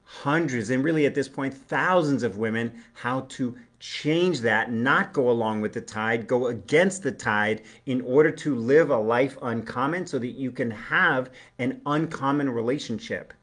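A man's voice: mid-range voice, measured pace, few pauses, a bit bright. A man giving a live relationship coaching talk, earnest and explanatory, acting out short everyday dialogues.

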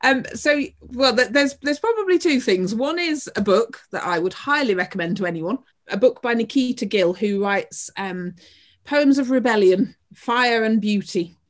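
A woman's voice: on the high side, animated, moderate pace, hardly any pauses. A woman with a Northern English accent speaks as a podcast guest about her theatre work. She talks earnestly and passionately, circling back and restarting phrases as her thoughts run on. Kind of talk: podcast interview answers.

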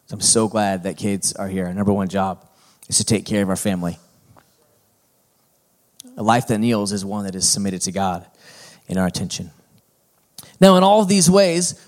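A middle-aged male pastor preaching a sermon in a folksy, conversational manner that builds to emphatic points. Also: fairly low pitch.

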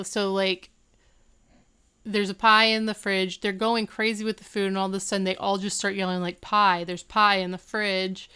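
A woman's voice: mid-range voice, fairly bright tone, clean tone. A woman in casual chat, retelling a sitcom scene with lots of quoted lines and filler words. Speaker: podcast co-host recapping a sitcom episode.

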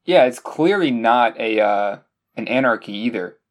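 A man co-hosting a podcast who talks over a movie in a measured, hesitant way, often restarting his sentences. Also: medium pitch, animated. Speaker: podcast co-host. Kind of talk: casual movie review chat.

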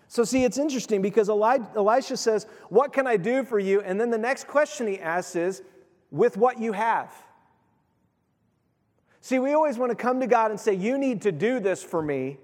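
A man preaching a sermon as pastor, in a lively, conversational way, acting out the voices of the people he quotes. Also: sits high, normal speed. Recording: long hall reverb.

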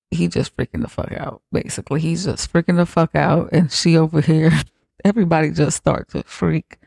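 A man's voice: fairly high pitch, vocal fry, warm tone, no echo, studio quality. A man hosting a comedy podcast, retelling a horror film in a slangy, profane, laughing way. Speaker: podcast host. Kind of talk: comedic movie recap.

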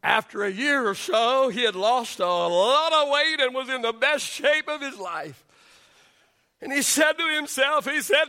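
A middle-aged male pastor preaching a sermon, repeating his words and building to shouts on key lines. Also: extremely high pitch, a little slow, clean tone.

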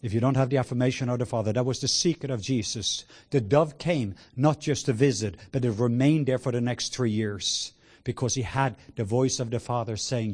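A man preaching a sermon with passion, moving between hushed words and loud exclamations. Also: mid-range voice, fairly quick, hardly any pauses, husky. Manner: sprinkles in laughter and cries of "whoa".

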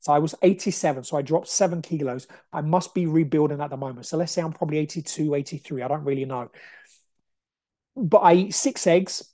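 A young man hosting a solo podcast, talking in an emphatic, energetic, motivational way. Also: on the high side, fairly quick, no room sound, studio quality. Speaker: podcast host.

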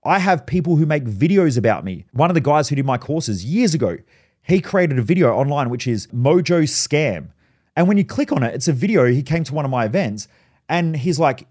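A man's voice: fairly high pitch, animated, brisk, a little mellow. A man hosting a solo podcast, telling stories in a blunt, profane way. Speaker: podcast host.

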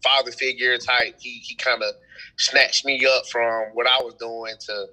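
A young man telling stories in a casual podcast chat, animated and full of slang. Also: mid-range voice, measured pace, poor audio. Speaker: event host and promoter.

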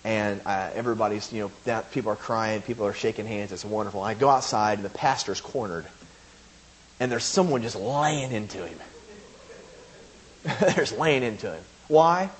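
A man's voice: fairly low pitch, normal speed. A man preaching a sermon, chatting casually and then building to emphatic preaching. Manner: conversational, rising to emphatic preaching.

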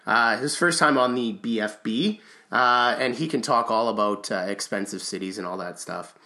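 Sick podcast guy, raspy nasal voice, bright-sounding, easygoing, swears a bit. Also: on the low side, normal speed. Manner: laid-back, swears casually. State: hoarse from flu. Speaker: podcast co-host. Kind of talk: casual chat.

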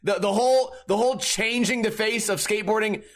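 A man's voice: sits high, a little fast. A man in his thirties hosting a podcast, ranting in a sarcastic, profane, rambling way. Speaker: podcast host. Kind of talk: casual ranting monologue.

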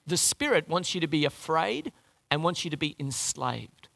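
A man preaching a sermon in an animated, conversational way, often restarting his phrases. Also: on the high side, moderate pace, creaky.

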